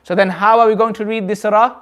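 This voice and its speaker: A man with a notably high voice leads a recitation class in a community centre. He explains each rule slowly and patiently, repeats himself, and checks understanding with questions to the room. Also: fairly even intonation. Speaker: Quran recitation teacher. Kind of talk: classroom teaching.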